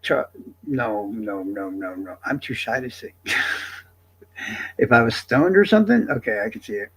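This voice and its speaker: A man livestreaming, talking to his chat in a casual, profane, defensive rant that swings between loud and quiet. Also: on the low side, lively intonation, normal speed, breathy edge.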